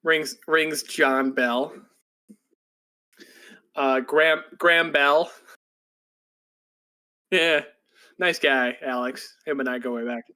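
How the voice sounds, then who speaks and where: A man co-hosting a podcast, casually retelling an anime plot in a rambling way, full of "like"s, and now and then slipping into breathless character voices. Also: sharp tone. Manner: rambling, filler-heavy storytelling with many "like"s; jumps into breathless, high-pitched voices when quoting characters. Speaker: podcast co-host.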